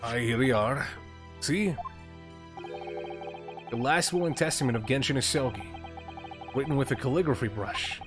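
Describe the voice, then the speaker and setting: A man voicing a blunt, gruff male prison governor with a Scottish accent, reading a game's lines over game music. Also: mid-range voice, normal speed, long pauses, close to an everyday voice. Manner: brusque, dialect-heavy delivery.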